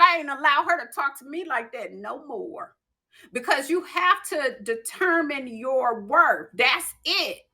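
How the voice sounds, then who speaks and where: Woman on a podcast, slow easy talk, bright voice, telling it straight. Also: sits high, expressive. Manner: emphatic, storytelling. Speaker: podcast co-host. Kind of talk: casual livestream chat.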